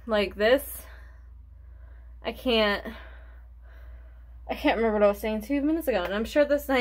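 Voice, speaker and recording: A young woman chatting casually through a makeup tutorial, rambling and forgetful, short of breath and sighing between thoughts. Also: on the high side. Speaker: beauty vlogger.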